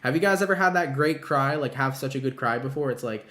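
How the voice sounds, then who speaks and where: A man's voice: mid-range voice, quick pace, fairly bright tone, reverberant. A young adult man giving a casual tarot reading in an upbeat, slangy way, often calling his listeners baby. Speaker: tarot reader.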